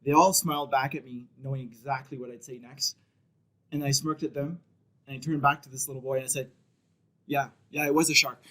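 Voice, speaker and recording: A man's voice: mid-range voice, steady tone, a little fast, poor audio. A man in his thirties telling a vivid personal story on stage, acting out the voices of the people in it. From Canada. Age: 30s. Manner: vivid storytelling, shouts out quoted children.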